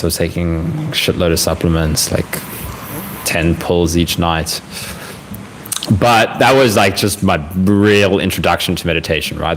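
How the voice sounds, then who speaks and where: A young man hosting a casual live Q&A from home, talking gently and reflectively with plenty of fillers, a fan running faintly behind him. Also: sits low, low-quality recording. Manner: gentle, reflective, speaks in unhurried phrases with frequent fillers. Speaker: livestream host answering viewer questions. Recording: faint fan noise in the background.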